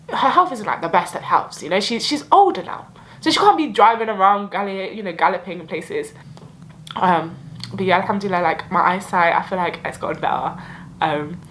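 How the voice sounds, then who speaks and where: A woman's voice: fairly low pitch, fairly bright tone, a little hiss or hum, rough recording. Heartfelt young woman vlogging. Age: young adult. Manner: heartfelt, emotional, many filler likes. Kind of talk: reflective year-end vlog.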